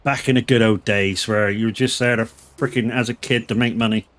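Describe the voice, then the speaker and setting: A man's voice: on the low side, steady tone, a little fast, fairly bright tone. A middle-aged man, chatting casually and telling rambling, profanity-laced stories while streaming a farming game. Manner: rambling, swears freely, anecdotal. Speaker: gaming streamer.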